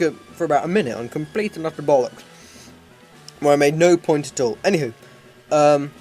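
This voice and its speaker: Male gamer, somewhat high voice, halting, self-deprecating live commentary over faint game music. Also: darkish tone. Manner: rambling, hesitant, many ums and restarts. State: voice starting to hurt. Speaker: let's play commentator.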